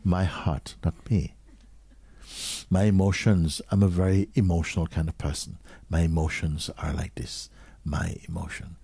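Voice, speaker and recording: A man giving a slow, questioning spiritual talk to an audience, sometimes dropping to a near whisper. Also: low voice, fairly even intonation, dark tone, husky, dry recording. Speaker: spiritual teacher.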